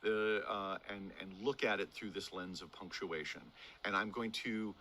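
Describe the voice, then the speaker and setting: A man in his sixties, an acting teacher giving a lively lesson on speaking verse, demonstrating delivery and swinging his voice up and down for emphasis. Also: lowish voice, moderate pace, a little hiss or hum.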